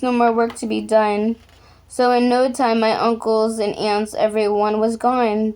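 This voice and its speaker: A woman reading a rhyming picture book aloud with an even, rhythmic delivery. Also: on the high side. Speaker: storyteller.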